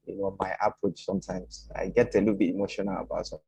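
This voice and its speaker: A man's voice: sits low, little pitch movement, quick pace, gravelly, dark tone, slightly rough, no room sound, poor audio. A man answering the teacher's question in a class, hesitant and searching for his words. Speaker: course participant.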